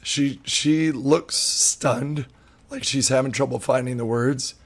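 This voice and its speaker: A man's voice: mid-range voice, steady tone, takes it slowly. A man running a tabletop role-playing game as game master, describing scenes in loose, filler-heavy narration.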